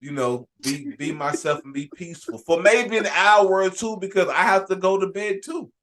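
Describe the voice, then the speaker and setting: A man hosting a casual sports podcast, telling an animated, ranting story with frequent restarts and shouted emphasis. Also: high-pitched, normal speed. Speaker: podcast host.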